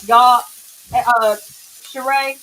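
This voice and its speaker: A slow, supportive woman with a slightly high voice offers short affirmations. She is cooking as she talks, with a pan faintly sizzling behind her on a video call. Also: steady tone, bright, forceful tone, slight background noise, low-quality recording. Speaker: podcast host. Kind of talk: casual chat. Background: frying and sizzling.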